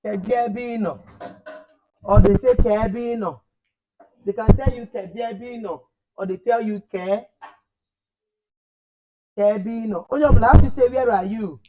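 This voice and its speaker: High-voiced teacher drilling children. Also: male voice, steady tone, normal speed, pauses often, mellow, muffled recording. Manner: quizzes children, repeats and corrects phrases; switches between Igbo and English. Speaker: Igbo language teacher. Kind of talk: classroom teaching.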